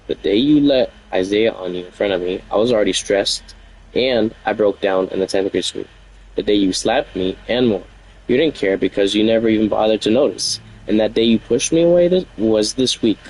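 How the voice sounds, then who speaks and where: Guy on stream ranting about a fight, lowish voice, rambly and aggrieved, keeps repeating himself. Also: a little fast, darkish tone, breathy edge, poor audio. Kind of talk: venting to stream about a relationship argument.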